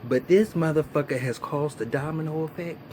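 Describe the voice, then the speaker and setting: A man giving a casual vlog review of a TV episode, ranting in an animated, profane and exasperated way. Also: on the high side, brisk, slight background noise. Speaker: TV show reviewer.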